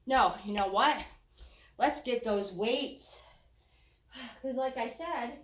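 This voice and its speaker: An older woman talks a home walking workout through, slow and a touch high, joking and sighing between cues. She is audibly out of breath. The sound carries a roomy echo. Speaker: fitness instructor.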